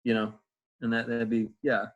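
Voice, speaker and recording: Male stage actor, easygoing and rambling, mid-pitched voice, heard over a video call. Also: monotone, moderate pace, dull audio. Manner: rambling, many fillers and restarts. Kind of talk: casual interview answers.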